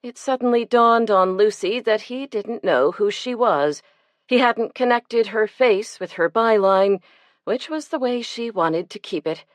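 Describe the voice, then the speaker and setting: A woman narrating a cozy mystery audiobook in a measured, even storytelling manner. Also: a little high, no echo.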